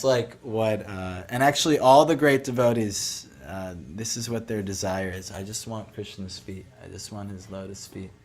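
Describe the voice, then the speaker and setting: A man giving a devotional talk, retelling a sacred story in a loose, conversational way full of "like" and "you know". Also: medium pitch. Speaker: devotional speaker.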